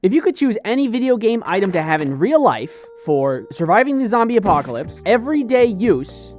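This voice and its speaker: Playful young woman with a lively voice. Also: mid-range voice, a little fast, soft background music. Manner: playful and wry, with joking asides. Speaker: vlogger. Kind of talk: casual commentary.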